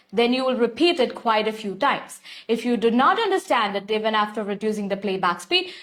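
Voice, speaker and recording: A young woman with an Indian English accent, voice pitched a little high. She teaches English to a live online class, spelling out each step and repeating herself. She turns to thank viewers by name. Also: a bit bright. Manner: repetitive, instructive, addresses viewers by name.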